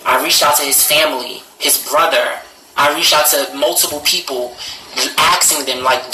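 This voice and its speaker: A man's voice: fairly high pitch, fairly even intonation, moderate pace, noisy background. A man talking casually to live-stream viewers, blunt and profane, his voice jumping up when he gets indignant. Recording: roomy echo.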